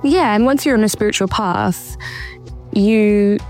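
Gravelly-voiced woman recounting her story. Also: mid-range voice, a little slow, a little mellow, soft background music. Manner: earnest, searching, with restarts. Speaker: interview guest. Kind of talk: personal account in an interview.

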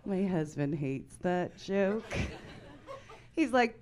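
A woman in her forties performing a stand-up comedy set, with a dry deadpan delivery that breaks into loud bursts of mock outrage. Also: medium pitch, slow pace. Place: comedy club stage before a live audience.

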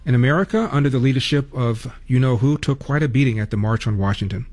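A man's voice: medium pitch, fast talker, darkish tone, soft background music. An older man hosting a talk radio show, delivering a sarcastic monologue full of rhetorical questions.

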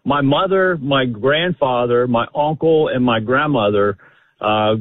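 This radio caller, a man with a mid-range voice, speaks at a measured pace. He rambles eagerly through a family story, leaning on lots of fillers, and the phone line sounds tinny.

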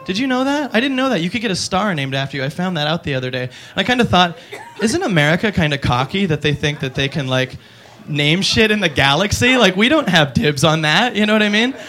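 A man doing stand-up comedy on a club stage, rambling loosely and jumping into loud put-on voices. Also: sits high, big pitch swings, quick pace.

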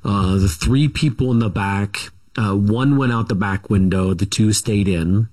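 A middle-aged man speaks as a guest in a casual interview. His voice sits fairly low, and he tells his story in a rambling, halting way, circling back with asides. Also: darkish tone.

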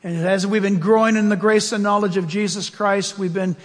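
High-voiced animated male preacher, hall echo. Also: moderate pace. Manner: animated preaching, swinging between loud high outbursts and low quiet asides. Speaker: pastor. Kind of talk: sermon. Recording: long hall reverb.

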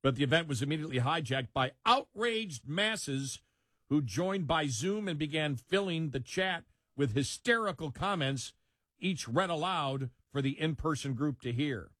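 A man reads a news item aloud for a talk show, breaking off now and then to chuckle or add a wry aside. His voice sits a little high for a man. The recording is close and dry, with no room sound. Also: lively intonation, normal speed, fairly bright tone, no room sound. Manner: reads with frequent laughter and asides. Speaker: co-host reading a news story. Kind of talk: casual commentary, reading quotes aloud.

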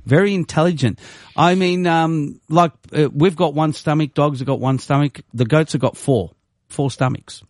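A male radio host tells a long story in casual chat. He jumps into the voices of the people he quotes and laughs easily. His voice sits a little high and sounds dry and close, with no room echo. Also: normal speed, a little mellow. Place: radio studio.

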